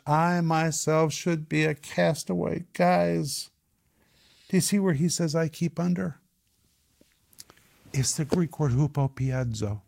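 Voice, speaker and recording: A man's voice: mid-range voice, a little mellow. A man teaching a Bible study, emphatic and repetitive, drawing out key words and asking his listeners questions. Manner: emphatic, repeats key phrases, asks the group questions.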